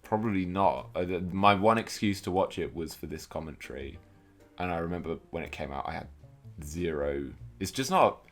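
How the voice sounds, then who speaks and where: A young man co-hosting a casual film commentary, laid-back and often trailing off into quiet asides. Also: deep voice, moderate pace, faint music behind.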